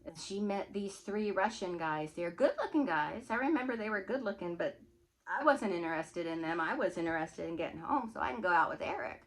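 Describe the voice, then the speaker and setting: A woman vlogger telling a personal story in a chatty, animated way, often laughing. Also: lowish voice, brisk. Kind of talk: casual storytelling.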